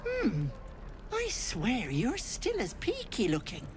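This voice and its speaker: An actress voicing a sly old hag who poses as a kindly auntie, cooing and folksy, calling everyone love and sweetie. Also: female voice, fairly high pitch, wildly swooping pitch, slow, full character voice. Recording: game audio with music behind.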